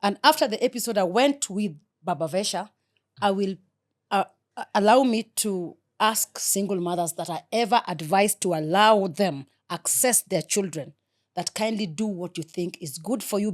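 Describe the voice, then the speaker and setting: A middle-aged woman, talking earnestly and with feeling as an interview guest. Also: medium pitch. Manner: earnest, heartfelt, soft-spoken. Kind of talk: emotional interview talk.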